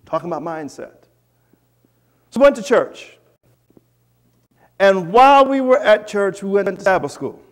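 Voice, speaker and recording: A man preaching in a church, telling a lively personal story with asides to the congregation. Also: high-pitched, moderate pace, pauses often. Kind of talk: storytelling sermon.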